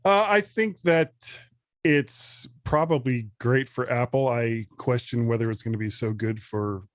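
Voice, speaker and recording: A man co-hosting a podcast, giving his opinions in a relaxed, casual way. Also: mid-range voice, measured pace, no room sound, clean studio sound. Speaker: podcast co-host.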